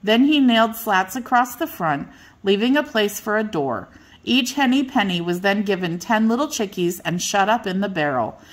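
An older woman reads a children's bedtime story, her voice gentle and unhurried. She sits at a middling pitch, steady and clear for young listeners.

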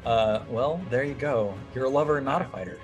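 A man running an old-school tabletop game as game master, upbeat and animated as he narrates and cheers on the players. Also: mid-range voice, a little fast, soft background music.

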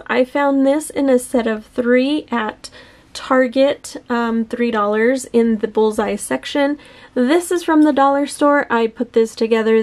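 A woman's voice: a little high, darkish tone. A woman filming a casual room-tour vlog at home, chatty and rambling with lots of fillers. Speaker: home decor vlogger. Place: bedroom at home.

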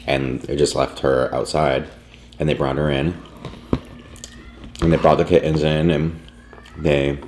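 A man's voice: rumbling low, darkish tone, slight background noise. A man vlogger rambling through a casual story at home, full of "like" and fillers. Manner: rambling, filler-heavy, lots of "like". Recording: echoey room.

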